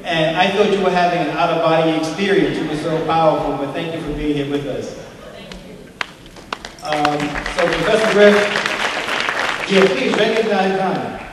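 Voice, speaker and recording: A man's voice: fairly high pitch, normal speed, long pauses, noisy background. Man hosting in an echoey hall with a crowd. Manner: informal, hesitant, with fillers. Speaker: event host. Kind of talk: introducing a speaker. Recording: echoey hall, distant mic, audience.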